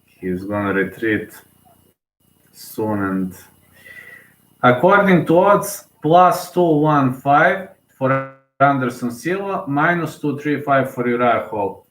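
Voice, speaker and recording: A man's voice: mid-range voice, lively intonation, takes it slowly, a bit bright, echoey room. A man giving casual live fight commentary, emotional and hesitant as he thinks aloud. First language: Serbian.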